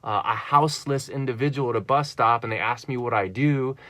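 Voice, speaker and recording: A man's voice: medium pitch, fairly quick, a bit bright, no echo. Earnest rambling man, dry close sound. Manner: earnest, rambling, many fillers and restarts. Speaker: vlogger. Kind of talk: rambling personal monologue.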